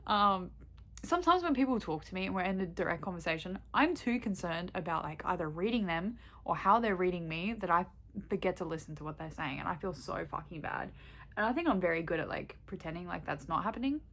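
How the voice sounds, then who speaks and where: A woman's voice: lowish voice, animated, fairly quick, fairly bright tone. A young woman vlogging in casual chat, candid and rambling, swearing freely and laughing often.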